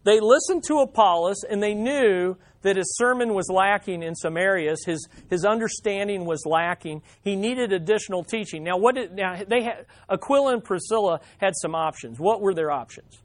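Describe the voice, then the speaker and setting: A man's voice: high-pitched, normal speed. A male preacher giving a conversational Bible teaching, often putting questions to his listeners.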